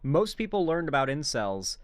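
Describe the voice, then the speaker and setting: A man's voice: on the high side, sing-song, moderate pace, dry recording. A young man giving rambling, self-correcting reaction commentary on a video. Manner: rambling, self-correcting, bursts into loud laughter.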